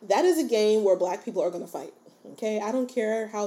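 Warm-voiced woman hosting a casual podcast. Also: mid-range voice, expressive, brisk. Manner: encouraging, checks in with listeners often; chatty and informal. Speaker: podcast host. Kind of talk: casual solo podcast talk.

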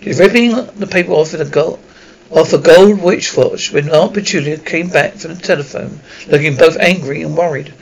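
A man's voice: a little high, fairly even intonation, normal speed, poor audio. A man narrating an audiobook chapter, stumbling often and correcting himself mid-word. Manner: stumbling, frequent self-corrections. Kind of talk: audiobook reading.

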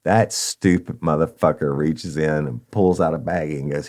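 Very deep, gravelly-voiced man telling a story. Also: moderate pace, darkish tone. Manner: blunt, swearing, addresses listeners as y'all. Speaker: former narcotics officer telling a story. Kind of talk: profane casual storytelling.

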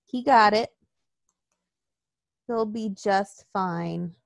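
A woman's voice: medium pitch, drawn-out words, vocal fry, no room sound. A woman co-hosting a casual wrestling chat, profane and mocking, talking close to a dry mic.

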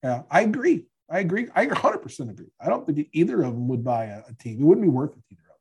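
A middle-aged man co-hosts a casual sports podcast, chatty and joking, frequently trailing off and restarting. His voice is on the high side and slightly rough, very animated, and he talks at a racing pace.

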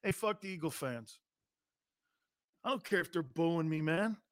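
A man's voice: a little high, animated, measured pace, fairly bright tone, no echo, clean studio sound. A man doing an impression of a cocky young male quarterback, who mutters swaggering, profane dismissals. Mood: dismissive.

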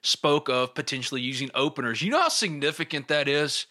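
A man's voice: a little high, lively intonation, brisk, bright, forceful tone. A man co-hosting a sports podcast, teasing his partner with needling questions in casual chat. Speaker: podcast co-host.

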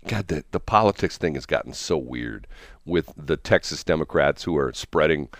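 A man's voice: a bass voice, animated, normal speed, no room sound, studio quality. A man hosting a casual morning radio chat, rambling and chuckling, restarting his sentences often. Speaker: radio host.

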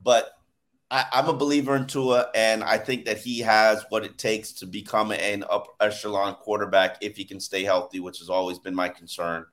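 A man hosting a sports podcast, talking in an animated, emphatic way in casual chat about football. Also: fairly low pitch, normal speed. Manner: animated, emphatic, laughs while telling stories. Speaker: sports podcast host and former beat reporter.

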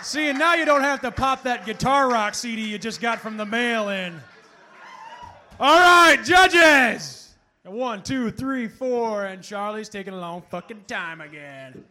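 A man's voice: very high-pitched, lively intonation, unhurried, bright, forceful tone. A man hosting a live poetry slam, loose and profane as he calls out judges' scores.

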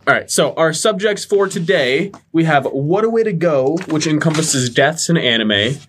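A man's voice: on the high side, expressive, normal speed, fairly bright tone, a little hiss or hum. A man co-hosting a casual podcast, joking and laughing as he tells stories and runs a quiz game. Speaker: podcast co-host, game quizmaster.

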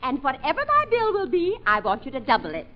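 A woman's voice: sits high, huge pitch swings, fast. A gushing rich lady client. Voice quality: gushing, effusive. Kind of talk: 1940s radio acting. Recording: lo-fi old radio, off-mic.

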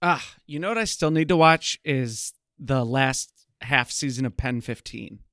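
A man's voice: medium pitch, unhurried, a bit bright, no echo, clean studio sound. A man co-hosting a podcast, chatting casually with jokes and rambling tangents. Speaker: podcast co-host. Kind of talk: casual chat.

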